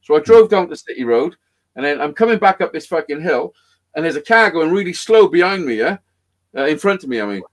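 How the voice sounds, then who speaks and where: A man's voice: on the high side, brisk. A man telling a rambling, sweary story in casual chat. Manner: rambling, heavy swearing, animated. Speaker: podcast guest storyteller.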